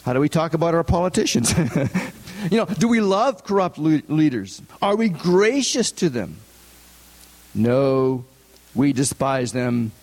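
Man, preacher, conversational sermon, rhetorical questions, slightly high voice, reverberant hall. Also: big pitch swings, unhurried, a little mellow.

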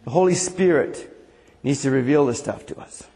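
A man's voice: mid-range voice, normal speed, warm tone. A man preaching a conversational sermon as pastor, asking the congregation questions. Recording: long hall reverb.

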